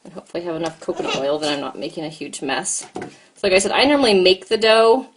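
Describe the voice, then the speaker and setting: Brief: American woman, mom host, low-ish voice, chatty live-stream cooking talk with faint background noise. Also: animated, quick pace. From United States. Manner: chatty, talks to viewers and kid at once. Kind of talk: casual live-stream chat while cooking.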